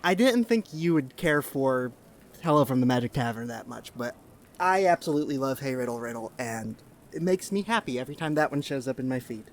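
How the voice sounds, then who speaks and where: Podcast host, mid pitch, earnest rambling delivery. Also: animated, a little fast, slight background noise. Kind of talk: casual chat.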